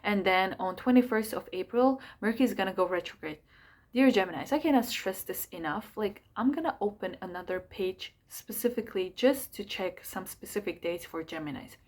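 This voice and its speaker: A woman's voice: medium pitch, brisk, a little mellow. Chatty woman astrologer, rambling. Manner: chatty, rambling, many fillers and asides. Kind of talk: casual forecast talk to camera.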